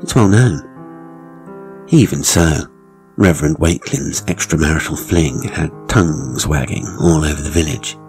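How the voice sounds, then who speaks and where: Male storyteller, very low voice, dry irony, scripted horror read over faint music. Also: fairly even intonation, a little mellow, rough recording. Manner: measured, dryly ironic storytelling. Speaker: author and narrator.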